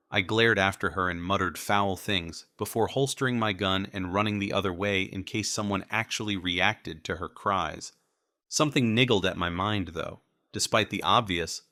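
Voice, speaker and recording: Deep, forceful male audiobook narrator. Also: normal speed, no room sound, clean studio sound. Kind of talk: first-person audiobook narration.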